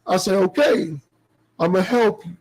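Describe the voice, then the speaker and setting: A man with a high voice talks slowly and tells stories in a laid-back way. His talk is loose, slangy and profane, full of casual asides. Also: darkish tone, rough recording. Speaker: podcast co-host. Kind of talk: casual chat.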